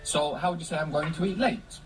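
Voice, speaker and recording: A man's voice: on the high side, fairly quick, loud music behind the voice, poor audio. A man teaching a language lesson, patiently explaining step by step and prompting his student with questions.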